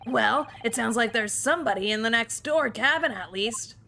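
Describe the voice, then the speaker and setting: Playful, bright woman streamer. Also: a little high, expressive, normal speed, vocal fry, a little hiss or hum. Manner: playful, giggly, reads lines aloud. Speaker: streamer reading game dialogue. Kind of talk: casual game read-along.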